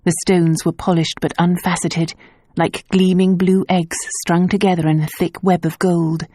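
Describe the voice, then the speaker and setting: Warm low-voiced woman narrating. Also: level tone, moderate pace, no echo, clean studio sound. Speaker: audiobook narrator. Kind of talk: scripted narration.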